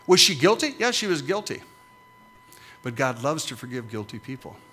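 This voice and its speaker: A man's voice: medium pitch, big pitch swings, moderate pace, sharp tone, breathy edge. A middle-aged man preaching as a pastor, with emphatic, punchy repetitions that rise and fall. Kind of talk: sermon.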